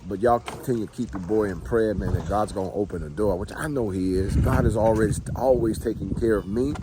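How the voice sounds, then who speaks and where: A man's voice: on the low side, background noise. A middle-aged man chatting casually and heartfelt to his viewers, filming outdoors at his home. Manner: easygoing, heartfelt, talks straight to viewers. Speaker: homestead vlogger. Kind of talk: casual talk to camera.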